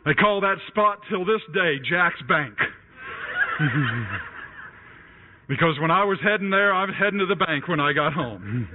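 A man preaching a sermon and telling a personal story in an animated way, raising his voice when he acts out scenes. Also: on the high side, measured pace, pauses often, slight background noise. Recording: tinny phone-like radio broadcast.

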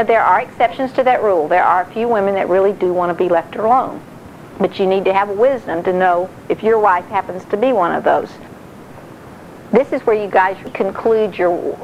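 A middle-aged woman giving a sermon-style talk on marriage, animated and acting out quotes. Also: mid-range voice, dull audio, slight background noise. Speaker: speaker on marriage.

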